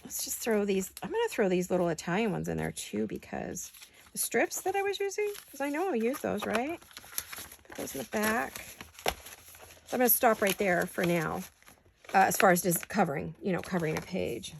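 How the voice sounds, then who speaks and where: Gravelly-voiced lady rambling thru a craft session at her desk, chatty and playful, faint hiss behind. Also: medium pitch, moderate pace. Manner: rambling, self-talking, playful. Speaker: crafting channel host. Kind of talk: chatty craft-along narration. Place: home craft studio.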